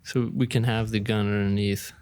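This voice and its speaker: A man brainstorming a story with friends, chiming in with suggestions and quick agreement. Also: fairly low pitch, flat delivery, a little mellow. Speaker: co-writer. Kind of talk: casual brainstorming chat.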